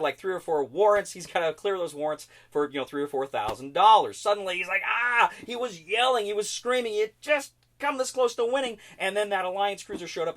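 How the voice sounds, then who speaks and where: An enthusiastic man reviewing a board game straight to camera. His voice sits a little high and swings widely up and down, and he often doubles his words to stress how much he likes something. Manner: enthusiastic, repeats words for emphasis.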